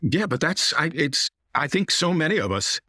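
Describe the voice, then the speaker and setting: A man's voice: on the high side, very animated, normal speed, pushed and bright, no room sound, clean studio sound. A middle-aged American man, a magician and comedian, chatting as a guest with a rich voice whose sentences turn down at the end. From United States. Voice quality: rich podcasting voice. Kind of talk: casual interview chat.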